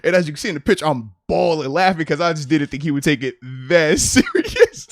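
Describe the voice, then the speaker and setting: A man's voice: fairly high pitch, sing-song, quick pace, hardly any pauses, no room sound, clean studio sound. A man in his thirties hosting a podcast, telling a family story in casual chat, often laughing. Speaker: podcast host, former player.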